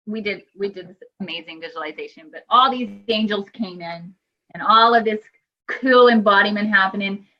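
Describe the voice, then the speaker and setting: A woman host chats casually with a mid-range voice, sounding enthusiastic and spiritual. The recording is dull and lo-fi. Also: mid-range voice. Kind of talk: casual chat.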